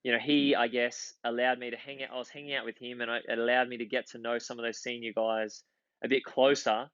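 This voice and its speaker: The speaker is a thirty-something Australian man, once a footballer, now guesting on a podcast with casual talk and rambling, restart-heavy stories. His mid-range voice is clear, resonant, fairly bright and level, and he speaks fast. There's no echo, though the audio sounds dull.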